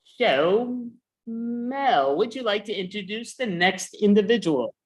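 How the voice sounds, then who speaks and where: A man running the show over a video call, speaking casually in a quick, chatty way. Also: sits high, lively intonation. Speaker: show organizer. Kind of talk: casual chat.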